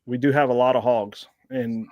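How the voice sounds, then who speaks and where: A man's voice: mid-range voice, fairly even intonation, normal speed, dry recording, narrow, tinny audio. A man casually telling rambling hunting-dog stories on a podcast, laughing now and then. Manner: rambling anecdotes with frequent laughs. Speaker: blood tracker guest.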